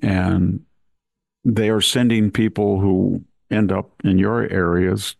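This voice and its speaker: Man, podcast host, low voice, gravelly, dry close recording, deliberate. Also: steady tone, darkish tone, dry recording. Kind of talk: conversational commentary.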